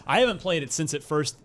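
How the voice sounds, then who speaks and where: A man's voice: a little high, normal speed. An easygoing man hosts a gaming podcast, moving through the news items in loose conversation. He keeps things casual. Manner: relaxed, steers the news segment. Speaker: podcast host.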